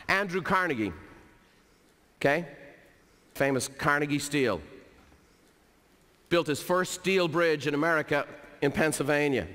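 Middle-aged man as a keynote speaker, lively storytelling, slightly high pitch, long hall echo. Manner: energetic, storytelling, repeats for emphasis. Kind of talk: motivational business talk. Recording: hall reverb.

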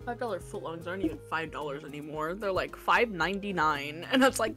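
A woman's voice: lowish voice, expressive, brisk, a bit bright, faint music behind. Opinionated woman chatting on stream. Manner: opinionated, emphatic. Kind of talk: casual chat.

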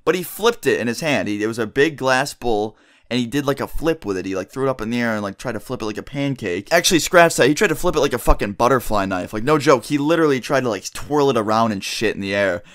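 A man's voice: medium pitch, expressive, quick pace, fairly bright tone. A young man telling a story to his viewers in a casual, rambling way, swearing often and saying "like" a lot. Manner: rambling and profane, heavy use of "like". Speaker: vlogger.

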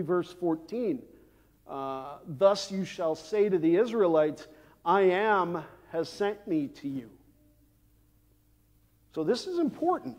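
A male pastor delivers a sermon at an unhurried, deliberate pace, his voice sitting a little high for a man. He pauses often with "uh" and slips in dry asides. The sound carries a long reverb from the church sanctuary. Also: darkish tone. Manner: measured delivery with frequent "uh" fillers and dry asides.

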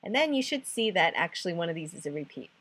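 A woman with a slightly husky, breathy voice walks through a chemistry lesson one step at a time. She counts aloud as she goes and pokes fun at herself. Her voice sits a little low. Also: big pitch swings, fast, fairly bright tone. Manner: self-deprecating humor. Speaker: chemistry tutor.

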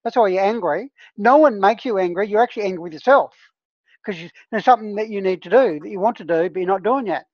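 A plant medicine healer leads a discussion group, her mid-range voice quick and darkish with no echo, coming through a dull lo-fi call line. As a facilitator giving a casual teaching talk, she's earnest and conversational and often checks in with "right?"

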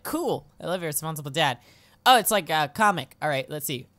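A young woman commentating on a video game, excitable and giggly, yelping and shouting at what happens on screen. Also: low voice, fairly quick, dry recording. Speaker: let's play host.

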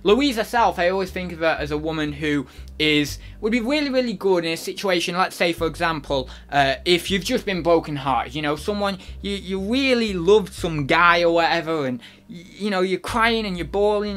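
Bright-voiced rambling man. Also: sits high, expressive, moderate pace. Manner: rambling, chatty, many fillers. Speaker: YouTuber reviewing channels. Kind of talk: casual vlog commentary.

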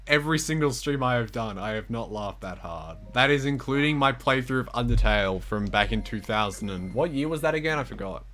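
A man's voice: mid-range voice, expressive, a little fast, hardly any pauses, a bit bright, faint music behind. A young man giving giggly, self-mocking live-stream commentary as he plays a game, talking to the screen.

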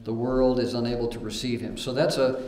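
A man's voice: mid-range voice, little pitch movement, brisk, a little mellow. A man preaching a sermon, reading scripture aloud between plain remarks, with fillers and repeated starts. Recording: roomy echo.

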